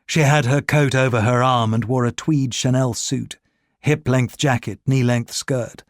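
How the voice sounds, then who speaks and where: Male audiobook narrator, mid-pitched, steady and measured, dry close recording. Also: no echo. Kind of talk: scripted narration.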